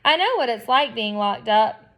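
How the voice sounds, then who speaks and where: A woman reading the lines of a shy, awkward pet store man in a quiet, halting way. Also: fairly high pitch, lively intonation.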